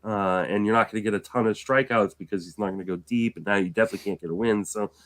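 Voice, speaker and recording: A man's voice: lowish voice, racing. A man co-hosting a podcast while still getting over an illness, telling stories casually with some swearing. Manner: storytelling, animated, swears casually. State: recovering from illness. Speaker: podcast co-host. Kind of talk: casual chat.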